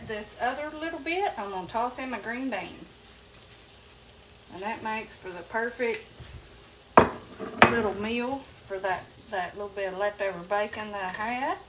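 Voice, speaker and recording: A woman's voice: on the high side, background noise. A woman hosting a casual home cooking demonstration, chatting to viewers as y'all. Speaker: home cooking show host. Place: home kitchen. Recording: echoey kitchen, mic from a distance. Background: sizzling and frying on the stove.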